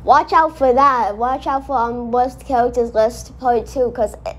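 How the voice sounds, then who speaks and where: Speaking in a slightly high voice without rushing, a woman rambles excitedly through a casual reaction video, frequently correcting what she's just said.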